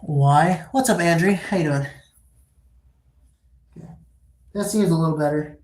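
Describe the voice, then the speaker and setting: Woman, deep for her range, rambling casual stream talk, casual swearing, roomy echo. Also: measured pace, darkish tone. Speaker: livestreamer. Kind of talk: casual livestream chat. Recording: echoey room.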